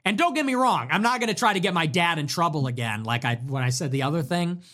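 A man's voice: fairly high pitch, lively intonation, fast talker, fairly bright tone. A young man ranting profanely and sarcastically as a livestream host.

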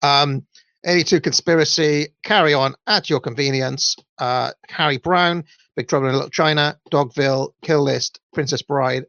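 At normal speed and with a slightly bright voice, a young adult Welsh man hosts a podcast, chatting in a rambling way about listener comments with frequent ums and uhs. The recording is dry, dull and low-fidelity.

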